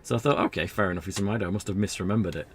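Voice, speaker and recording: A man with a deep voice talks at a racing pace, with slight background noise. He's streaming an old adventure game and chatting casually, rambling and self-deprecating.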